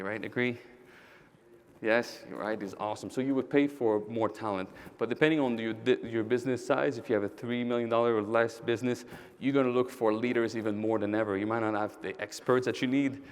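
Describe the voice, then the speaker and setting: A man giving an energetic conference keynote, telling stories and speaking directly to his audience. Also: medium pitch, a little hiss or hum. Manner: storytelling with quoted dialogue. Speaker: keynote speaker, roofing company owner.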